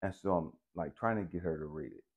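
A man telling a personal story to the camera in an animated, profane, emphatic way. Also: deep voice, fairly quick, slightly rough. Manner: animated, profane, keeps saying "stay with me, I'm going somewhere". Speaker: channel host.

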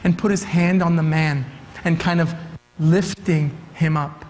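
A man's voice: a little high, steady tone, a little slow, a little mellow. A man preaching a sermon as youth director, emphatic and repeating his key phrases for weight. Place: church sanctuary. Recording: long church hall reverb.

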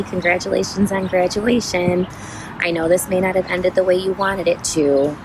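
Low, flat-voiced woman over background noise. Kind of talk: heartfelt video message.

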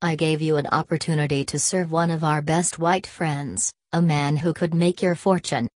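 A woman's voice: deep voice, steady tone, moderate pace, a little mellow, dry recording. A woman reading a scornful old college president. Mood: stern. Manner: lecturing, contemptuous, domineering. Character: imperious older male college president, scornful.

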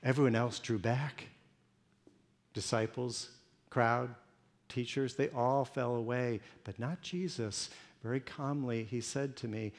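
A male pastor delivering an emotional first-person sermon monologue, moving between hushed storytelling and pleading intensity. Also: medium pitch, fairly even intonation, measured pace.

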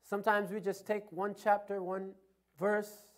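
A male pastor preaching a sermon, reading scripture and telling anecdotes, swinging from loud emphasis to soft asides. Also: sits high, flat delivery, a little slow. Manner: tells anecdotes with chuckles.

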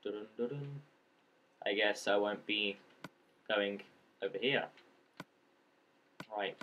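A man's voice: on the low side, takes it slowly, narrow, tinny audio, a little hiss or hum. A man giving casual let's-play commentary, rambling and joking and talking to the creatures in the game as he plays. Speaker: gameplay commentator.

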